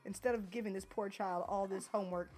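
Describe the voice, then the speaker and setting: A woman's voice: mid-range voice, fairly even intonation, a little mellow, soft background music. A young woman co-hosts a podcast with a mid-range voice. She talks in easy, joking banter and laughs readily. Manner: wry, joking, quick to laugh. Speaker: podcast co-host. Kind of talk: casual chat.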